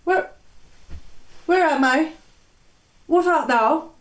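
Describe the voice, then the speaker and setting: An imperious, haughty queen, played by a woman, declaiming in old stage speech. Her voice is high and her delivery slow and measured. It is heard in an echoey room. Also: distant mic. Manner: commanding, declamatory. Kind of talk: Elizabethan stage acting.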